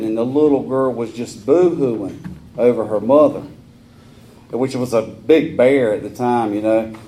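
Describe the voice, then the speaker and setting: Mellow Southern man telling his story. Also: medium pitch, slight background noise. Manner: folksy, rambling storyteller with rough humor. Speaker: AA meeting speaker. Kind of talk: personal recovery talk.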